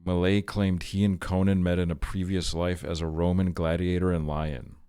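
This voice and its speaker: A man with a very low voice reads short items aloud on a live stream. He breaks in with blunt, profane, offhand reactions. The sound is close and dry. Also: flat delivery, moderate pace, mellow, clean tone, no room sound.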